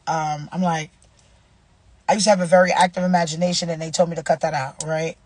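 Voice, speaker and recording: A woman's voice: low-pitched, level tone, fairly quick, darkish tone. A woman, casually sharing faith advice and reading a devotional aloud, repeating herself and using slang. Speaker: vlogger running a nonprofit.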